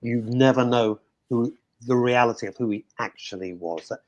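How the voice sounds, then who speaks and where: A man hosting a radio chat show, talking in a chatty, animated way that sometimes drops to a hushed aside. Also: medium pitch, normal speed, no room sound, dull audio. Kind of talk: casual chat.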